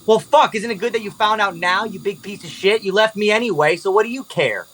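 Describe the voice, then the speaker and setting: A woman's voice: sits low, animated, unhurried, slight background noise, low-quality recording. A man voicing a fiery, bitter young woman. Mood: angry. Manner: swears, swings between apology and anger.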